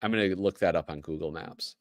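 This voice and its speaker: A man's voice: deep voice, a little fast, dry recording. A man with a Midwestern American accent, hosting a casual livestream, chatty and joking as he reads aloud. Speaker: host.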